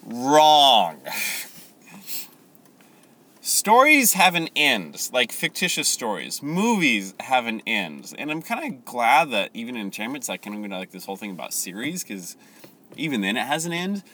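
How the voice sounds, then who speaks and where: A man teaching a Bible story in a casual, animated way, laughing often and correcting himself. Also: medium pitch, moderate pace.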